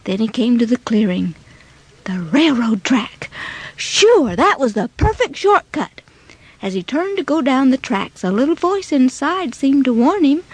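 A woman narrating a children's moral story in a dramatic, expressive way. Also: sits high, measured pace, breathy edge, no echo.

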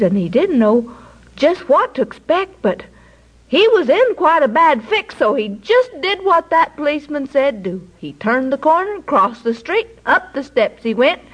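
Woman storyteller, high lively voice, slow homespun telling. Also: low-quality recording.

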